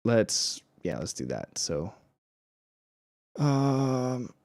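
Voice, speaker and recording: A man's voice: medium pitch, big pitch swings, extremely slow, darkish tone, no room sound. A man streaming casually while making music, rambling with fillers and laughing at himself. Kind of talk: casual live-stream chat.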